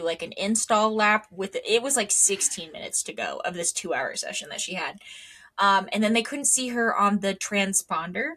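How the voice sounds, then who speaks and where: Her mid-range voice is bright and forceful as this young woman co-hosts a laid-back podcast. She wanders through the chat with frequent ums and wry side remarks.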